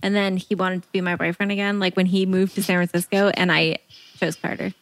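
A woman from the United States co-hosting a casual podcast, chatty and quick to laugh. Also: fairly low pitch, level tone, dry recording. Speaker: podcast co-host. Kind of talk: casual chat.

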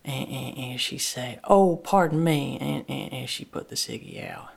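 A woman telling a first-person story in dialect, plain-spoken and halting, with many restarts. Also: rumbling low, fairly even intonation, creaky, fairly bright tone, breathy edge.

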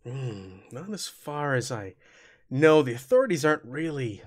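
A young man running a tabletop horror game as game master, voicing locals and dropping into hushed, halting tones. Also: mid-range voice, very animated.

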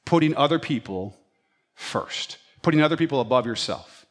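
A man preaching a sermon as a pastor, telling stories and acting out his pets' thoughts in an animated way. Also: mid-range voice, moderate pace.

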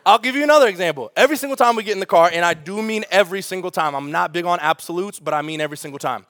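A man, a pastor preaching a sermon with funny family stories and lively asides. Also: high-pitched, racing, no room sound. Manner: storytelling with humor, animated asides.

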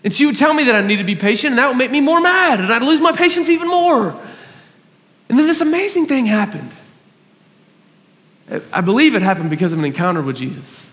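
High-voiced pastor preaching in a reverberant hall. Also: male voice, expressive, brisk, pauses often, fairly bright tone. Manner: earnest, storytelling with self-mocking humor. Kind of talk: sermon. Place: church hall.

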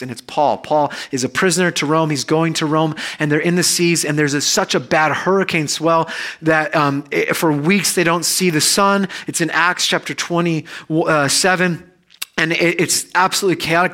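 A man, a pastor, preaching a conversational sermon that swells loud and high, then drops soft and low. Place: church.

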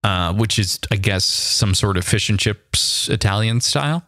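A podcast co-host in casual chat, teasing and arguing in quick banter. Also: low-pitched, fairly bright tone, no echo, studio quality.

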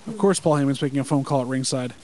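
A man's voice: medium pitch, rapid-fire, darkish tone, low-quality recording. A man co-hosting a casual wrestling podcast, telling stories with wry, dry asides. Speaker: podcast co-host. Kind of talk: casual live-react chat.

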